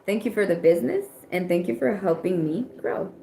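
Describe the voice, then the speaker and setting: A woman's voice: medium pitch, lively intonation, a little fast, vocal fry, dark tone. American woman, livestream tarot host, blunt and salty, echoey room, music underneath. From United States. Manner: blunt, profane, rambling advice. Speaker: tarot reader hosting a livestream. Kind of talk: casual livestream chat.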